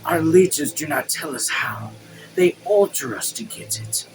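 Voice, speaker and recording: A man voicing a cold, polite occupying army colonel in a read-aloud story, measured and insistent. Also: a little high, expressive, over music, rough recording. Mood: cool.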